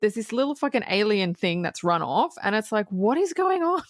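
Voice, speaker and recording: A woman co-hosting a podcast, recapping a film in casual chat, lively and laughing, swearing freely. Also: medium pitch, fairly quick, dry recording, studio quality. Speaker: podcast co-host.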